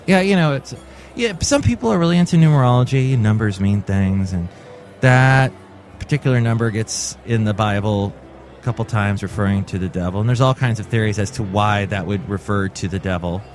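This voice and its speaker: A man's voice: on the low side, brisk, a little mellow. A man in his forties hosting a comic solo podcast, telling stories in a wry, jokey way. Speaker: podcast host.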